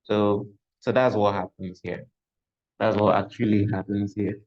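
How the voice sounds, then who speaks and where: Slow low-voiced man teaching code. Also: little pitch movement, darkish tone. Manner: slow, thinking aloud, repeats himself. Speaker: coding instructor. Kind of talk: live coding lesson. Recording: dull lo-fi audio.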